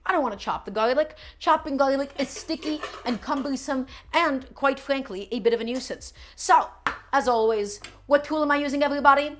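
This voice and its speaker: A woman with a slightly high voice hosts a live cooking stream in a loose, chatty way. She talks straight to her viewers and repeats each step as she works. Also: fairly quick, a little hiss or hum.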